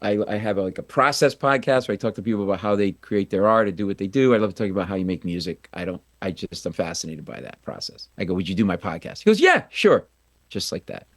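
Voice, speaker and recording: A man's voice: deep voice, fast talker, few pauses, dry recording. Guy telling a funny story on the radio, self-mocking, does the voices, dry close sound. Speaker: comedian guest.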